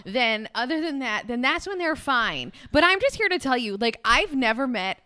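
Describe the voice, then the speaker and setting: A woman's voice: high voice, very animated, moderate pace, bright, forceful tone, clear, resonant tone. A woman hosting a podcast, chatting casually with emphatic, advice-giving energy. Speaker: podcast host.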